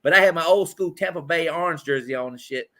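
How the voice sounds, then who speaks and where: A man's voice: a little high, fast talker, pushed and bright. A man from Indianapolis hosting a podcast, telling rambling, profane sports stories in casual chat. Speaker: podcast host.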